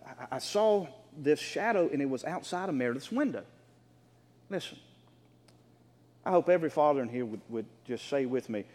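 A middle-aged male pastor preaching a sermon to his congregation, telling a story with animation and at times shouting out the lines. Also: a little high. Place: church sanctuary. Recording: echoey hall with long reverb.

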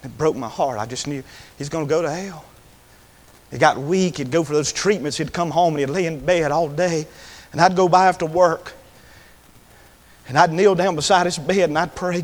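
A man preaching a revival sermon in a church. He moves from hushed storytelling to shouted, drawn-out calls. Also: on the high side. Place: church sanctuary. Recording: long reverb of a church hall.

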